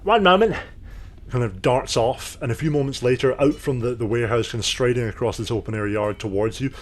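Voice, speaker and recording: A man's voice: mid-range voice, fairly even intonation, quick pace, darkish tone. A man narrating as game master of a tabletop game, rambling with many fillers.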